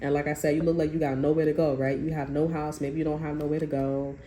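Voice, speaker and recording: A woman gives a casual tarot reading, speaking bluntly and swearing, raising her voice to act out what others said. Her voice is low, level and fast. The recording is roomy, with background noise and faint music.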